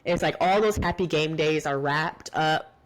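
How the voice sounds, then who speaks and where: A woman with a notably low voice hosts her own podcast. She chats through a recap in a loose, heartfelt way, peppered with fillers and restarts. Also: normal speed. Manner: chatty and heartfelt, many "like"s and restarts. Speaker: podcast host. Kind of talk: casual solo podcast recap.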